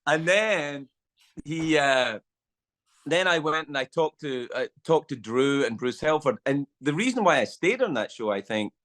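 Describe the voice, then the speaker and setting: Animated Scottish man telling a story. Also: fairly high pitch, unhurried. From Scotland. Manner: animated storyteller, acts out quotes, swears freely. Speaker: guest. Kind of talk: casual storytelling chat.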